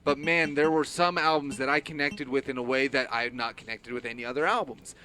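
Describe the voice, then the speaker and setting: A man co-hosting a loose, casual chat show. He talks in long enthusiastic runs, stumbling over restarts. His voice is bright and forward. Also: mid-range voice, fairly even intonation, fairly quick. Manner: rambling, enthusiastic, stammers on restarts. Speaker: co-host.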